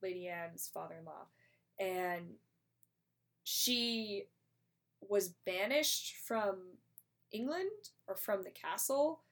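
A woman in a casual chat, retelling a play in a chatty, animated way and acting out the characters' lines. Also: medium pitch, slow, long pauses.

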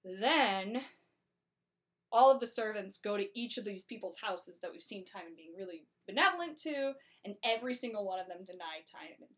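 A woman's voice: medium pitch, expressive, normal speed, a bit bright. A young woman casually summarizing a play's plot, wry and chatty, full of filler words. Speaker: storyteller summarizing a play.

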